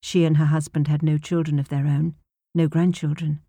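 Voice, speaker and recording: A woman narrating an audiobook in a measured, even storytelling manner, close to a studio mic. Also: low-pitched, dry recording. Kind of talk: scripted narration.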